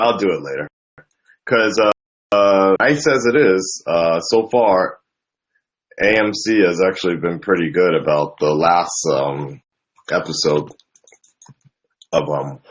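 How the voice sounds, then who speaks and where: A man hosting a live Q&A stream, chatting casually, reading out viewer questions and swearing freely as he trails off in thought. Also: on the low side. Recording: dull lo-fi stream audio with faint background music.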